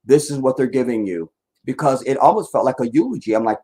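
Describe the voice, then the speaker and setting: A man's voice: medium pitch, lively intonation, fast, warm tone, breathy edge, rough recording. A man giving casual live-stream political commentary in a blunt, rambling, profane rant.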